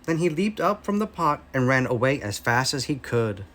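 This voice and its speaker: An American man with a mid-range voice reads a children's story aloud, taking it slowly and expressively.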